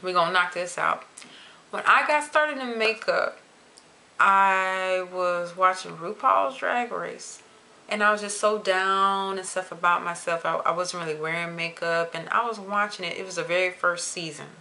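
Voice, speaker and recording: A young adult woman vlogging to camera in a chatty, expressive way, stretching words for emphasis. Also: lowish voice, normal speed, creaky. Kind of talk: casual chat to camera.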